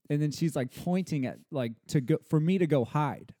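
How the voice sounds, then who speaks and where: Male podcast co-host, dad telling animated stories, warm dark tone, dry close sound. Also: medium pitch, fairly quick, dry recording. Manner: animated storytelling, acting out his child's lines. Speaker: podcast co-host, father of a toddler. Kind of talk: casual podcast chat.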